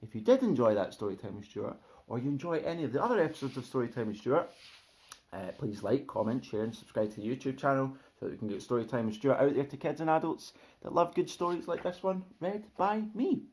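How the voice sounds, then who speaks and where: A man reading a children's storybook aloud with expressive, lively narration. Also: medium pitch, fast, slightly rough.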